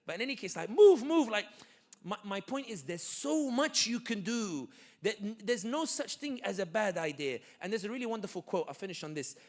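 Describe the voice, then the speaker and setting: A man with a high, bright voice gives a lively community talk in a hall. He is animated and joking, with many quick asides as he tells his stories. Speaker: guest speaker.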